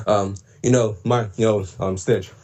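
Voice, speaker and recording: Rambly guy on a stream talking voice impressions, kinda deep, lots of ums. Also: fairly even intonation, a little slow, darkish tone. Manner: rambling, hesitant, many fillers and throat clears. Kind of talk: casual livestream chat.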